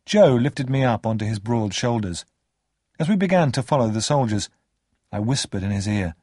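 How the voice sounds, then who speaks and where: A man reading a story aloud with expressive narration. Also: medium pitch, moderate pace, no room sound.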